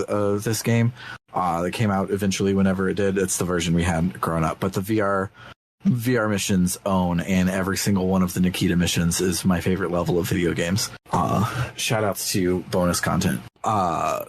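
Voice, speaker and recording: A man co-hosting a casual podcast, retelling a video game with frequent "uh" restarts and bursts of excitement. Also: low voice. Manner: halting, frequent uh restarts, excitable when recounting scenes. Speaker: podcast co-host.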